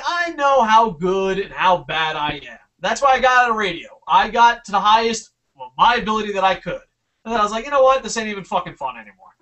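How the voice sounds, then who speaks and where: A young New Jersey man co-hosts a loose podcast chat full of swearing, rambling through stories as his pitch rises and falls. His tone is bright and forceful, and he sits a bit back, far from the mic.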